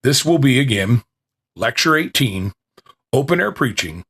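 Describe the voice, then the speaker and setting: A man's voice: medium pitch, very animated, unhurried, a bit bright, breathy edge. A man hosting a small podcast, chatting casually with restarts, then reading an old lecture aloud, his voice still recovering. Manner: rambling and self-deprecating, with restarts.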